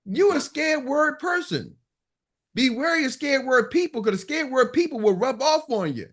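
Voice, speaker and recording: A man's voice: very high-pitched, expressive, a little fast, a bit bright. A man leading a motivational sales coaching call, talking emphatically, repeating himself and acting out what customers say.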